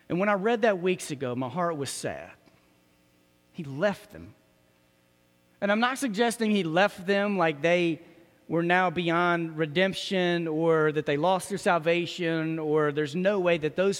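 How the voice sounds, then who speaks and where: A man's voice: a little high, in a large hall. A male pastor preaching a sermon in a conversational, emphatic way. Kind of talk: sermon with scripture reading.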